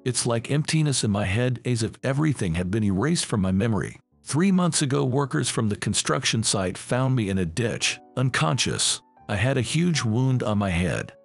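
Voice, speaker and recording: A timid, humble old man talks in a storybook, read aloud by a man. The voice is gravelly and husky, with animated intonation, and soft music plays beneath. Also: mid-range voice, normal speed, few pauses.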